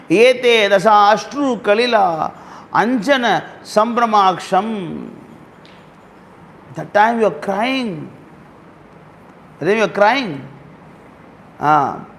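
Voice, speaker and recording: A man giving a storytelling sermon, repeating phrases and slowly explaining words and verses. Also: high voice, a bit bright, a little hiss or hum. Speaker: speaker at a temple gathering.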